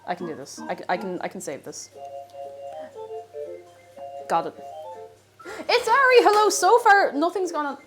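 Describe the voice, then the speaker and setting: A woman's voice: extremely high pitch, huge pitch swings, moderate pace, long pauses, over music. A woman with an Irish accent, chatting casually and laughing with her viewers as she cooks on a live stream. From Ireland. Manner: chatty, laughs often, thanks viewers by name.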